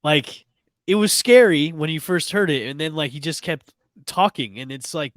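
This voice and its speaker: A man's voice: fairly high pitch, normal speed, dry recording. A man co-hosting a podcast, chatting casually about a film and giving emphatic opinions with frequent restarts. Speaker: podcast co-host, film reviewer. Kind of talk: casual chat.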